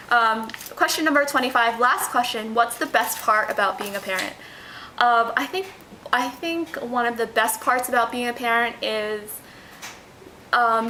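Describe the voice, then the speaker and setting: Bright-voiced young woman vlogging. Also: fairly high pitch, slight background noise, low-quality recording. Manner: rambling, lots of fillers and restarts. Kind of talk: casual talk to camera answering tag questions.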